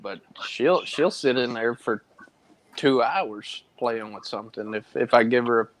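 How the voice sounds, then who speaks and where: A man of middle pitch talking casually on a livestream panel. He tells his stories with animation and quick changes of tone. His voice is plain and conversational. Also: poor audio. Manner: animated storytelling, mimics voices. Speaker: panel guest.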